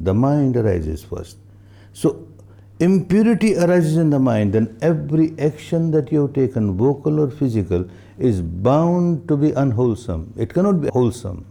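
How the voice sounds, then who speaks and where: Gravelly older man giving a dharma talk. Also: mid-range voice, warm tone. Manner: slow, emphatic, repeats phrases for stress; chants Pali verses. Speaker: meditation teacher.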